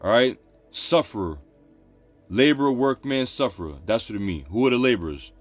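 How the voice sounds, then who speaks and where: A man of ordinary pitch reads scripture aloud and breaks it down in loose, repetitive street talk. Faint music plays quietly beneath his voice. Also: expressive, normal speed. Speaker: street preacher. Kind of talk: scripture teaching.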